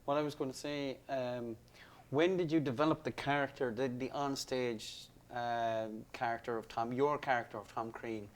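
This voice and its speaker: A man's voice: medium pitch, normal speed. Laid-back male podcast host. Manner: relaxed, hesitant questions with fillers. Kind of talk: casual interview chat.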